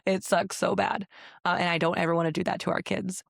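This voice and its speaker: A woman's voice: on the low side, flat delivery, a little fast, vocal fry, dry recording, clean studio sound. A woman in her thirties co-hosting a podcast, talking earnestly and frankly in a casual chat, often using "like" as a filler. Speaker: podcast co-host. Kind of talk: candid conversational chat.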